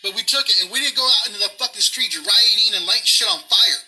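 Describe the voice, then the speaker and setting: A furious man rants with a very high, piercing voice, swearing heavily and hammering his points home through repetition. Faint music hangs behind him. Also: fast talker, sharp tone, low-quality recording. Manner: heavy swearing, emphatic and repetitive. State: pissed off. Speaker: vlogger. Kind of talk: angry political rant. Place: outdoors near grass.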